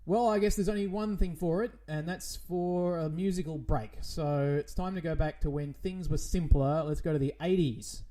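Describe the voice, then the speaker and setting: A man's voice: a little high, normal speed, few pauses, warm tone. A man hosting a comedic radio show in a frantic, theatrical, indignant way. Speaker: radio host.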